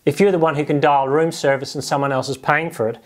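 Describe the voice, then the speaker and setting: A man preaching a sermon, lively and animated, slipping into quoted voices to make his point. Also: a little high, fast talker. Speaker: pastor.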